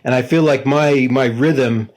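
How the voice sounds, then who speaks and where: A man from Australia whose accent has softened toward American, hosting a podcast and telling rambling anecdotes with lots of restarts. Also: mid-range voice, measured pace. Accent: light Australian, Americanized. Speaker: podcast host. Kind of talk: casual podcast chat.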